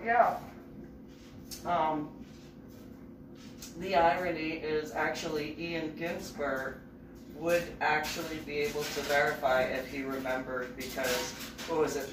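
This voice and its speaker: A woman from New Jersey telling a story casually to camera, lively as she acts out remembered dialogue. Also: fairly low pitch. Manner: animated, raising her voice to act out quoted dialogue. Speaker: vlogger. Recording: roomy, distant mic, noisy background.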